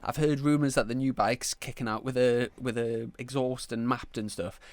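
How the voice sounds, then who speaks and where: A man hosts a motorbike podcast in a casual, chatty way, tripping over his words as he reads a sponsor spot. His voice sits at a middling pitch and sounds dry and close, with no room around it. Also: fairly even intonation, moderate pace, a little mellow, no echo. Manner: stumbling, chatty ad read. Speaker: podcast host. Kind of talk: casual chat with ad read.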